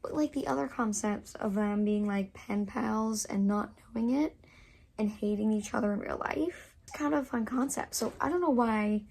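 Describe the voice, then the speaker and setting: Young woman rambling about her reading list, gravelly and kinda husky, lots of likes. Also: medium pitch, normal speed, darkish tone. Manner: chatty, gushing, many likes and fillers. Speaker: book vlogger. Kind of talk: casual chat to camera.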